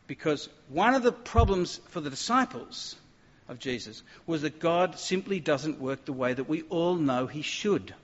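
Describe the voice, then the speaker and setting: A man preaching a sermon to a gathered room, emphatic, with stumbling restarts as he reads and explains scripture aloud. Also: a little high. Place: room with an audience. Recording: dull lo-fi recording with long reverb in a hall.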